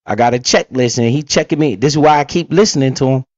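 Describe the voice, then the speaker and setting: A man's voice: mid-range voice, quick pace, dry recording. Blunt, profane man reacting, lo-fi sound. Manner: blunt, profane, lively storytelling. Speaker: commentator reacting to an interview. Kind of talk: casual reaction commentary.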